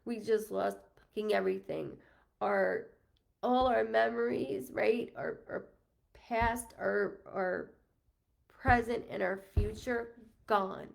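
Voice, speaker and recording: A woman hosting a live medium stream, talking casually to her viewers and thanking them one by one. Her voice is strongly gravelly with constant fry, and she speaks slowly, filling pauses with ums. She drops a swear word here and there. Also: medium pitch, steady tone. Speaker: medium doing live readings. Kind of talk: casual livestream chat with viewers.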